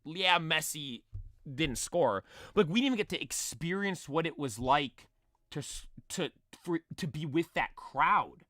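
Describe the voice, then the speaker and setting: Young male streamer, high-pitched and dry, with a slightly strained voice; an animated, rambling storyteller. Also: a little slow, no echo. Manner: animated, rambling, many fillers and restarts. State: voice nearly lost from screaming. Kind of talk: excited storytelling.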